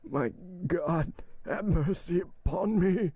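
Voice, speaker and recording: A man voicing a dying old servant, high and gasping. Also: slow, warm tone, breathy edge, no room sound, full character voice. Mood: despairing. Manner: gasping, anguished pleading.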